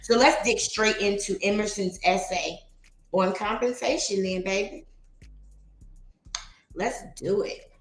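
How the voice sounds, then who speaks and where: Woman host, casual livestream reader, chatty and quick to laugh, roomy echo on the voice. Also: medium pitch, steady tone. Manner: chatty, laughs often, reads poetry slowly. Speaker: livestream host reading aloud. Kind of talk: casual livestream reading and chat.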